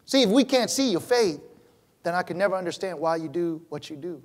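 A pastor preaching a sermon in church, animated, swinging between loud emphatic lines and low quiet ones. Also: male voice, fairly quick.

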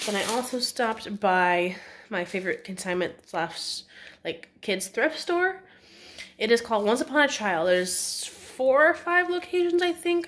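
A woman's voice: fairly high pitch, a bit bright, a little hiss or hum. A young woman from California vlogging at home, chatty and self-deprecating, with a slightly stuffy nose. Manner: chatty, rambling, self-deprecating, laughs at herself. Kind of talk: casual vlog chat to camera.

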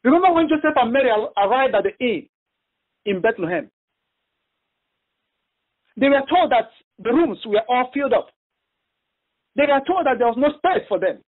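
Male preacher, very high and husky, halting and emphatic, phone-line audio. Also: sing-song. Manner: halting, repeats himself, emphatic retelling. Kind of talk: sermon over a phone prayer line.

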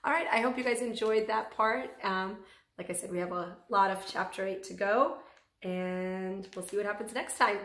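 A woman's voice: medium pitch, moderate pace. Woman teacher reading a chapter book aloud. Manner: gentle, warm sign-off. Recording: echoey room.

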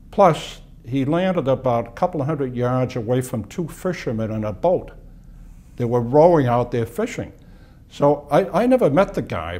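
Older man in his 80s from Boston, interviewee; mellow tone, reminiscing slowly with pauses and restarts. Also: mid-range voice. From Boston, USA. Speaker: interviewee, war veteran. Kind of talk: oral history interview.

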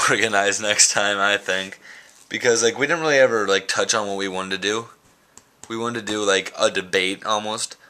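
A young man rambles goofily into the handheld camera at home, making fun of himself as he chats. His voice is lowish but has a sharp, bright edge. It is a loose, unscripted daily vlog. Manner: goofy, rambling, self-mocking. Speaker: vlogger. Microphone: handheld camera mic.

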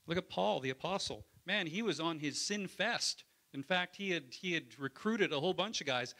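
A man's voice: on the high side, animated, normal speed, few pauses, pushed and bright. A man, a pastor, preaching a sermon in a conversational way, often asking the congregation for an amen. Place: church.

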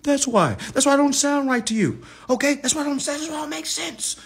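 A man's voice: very high-pitched, a little fast, creaky, background noise. A man ranting on a livestream in a brash, taunting way, repeating "all right? okay?" to drive his points home. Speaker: livestream host.

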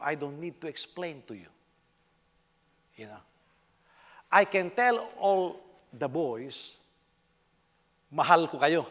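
Filipino pastor preaching in a reverberant hall. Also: male voice, medium pitch, a bit bright. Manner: humorous, conversational preaching. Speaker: senior pastor. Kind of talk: sermon.

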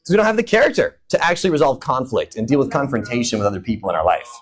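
A man's voice: mid-range voice, lively intonation, racing, a crowd in the background, low-quality recording. A man preaching a humorous sermon, acting out imagined prayers and conversations in playful voices. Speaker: pastor. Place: church hall.

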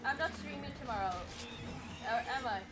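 A woman streaming a game live, excitable and giggly, swearing freely while chatting to viewers. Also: sits high, brisk. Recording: game music playing behind.

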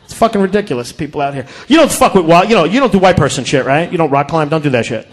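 A man's voice: fairly high pitch, lively intonation, fast. A male stand-up comedian from Connecticut, doing a crude, brash, profane routine on a comedy club stage.

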